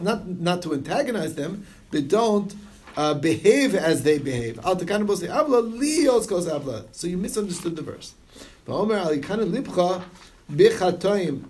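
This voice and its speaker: Animated man teaching a text. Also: on the high side. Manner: reads Hebrew and Aramaic text aloud then explains it in English, animated. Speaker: Talmud study teacher. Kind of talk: Talmud study class, reading and translating.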